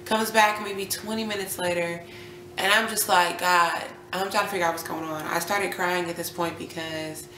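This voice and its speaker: In an echoey room with faint ambience and slight background noise, a young vlogger who has just become a mother shares a personal story. Her voice is lowish and moderately paced, animated as she reenacts quotes, and now and then she falls to a near whisper.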